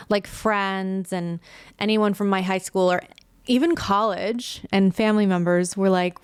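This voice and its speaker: Brief: woman podcast host, late 20s-30s, casual and candid, smooth clear tone, dry close mic. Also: medium pitch, no echo. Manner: candid, animated, swears casually.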